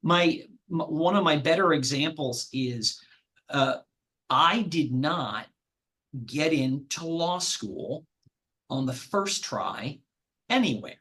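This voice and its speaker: A man who works as a lawyer, a guest on a podcast, explaining ideas in a measured, analytical way and backing them with personal examples. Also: a little high, lively intonation, pushed and bright. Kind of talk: conversational podcast discussion.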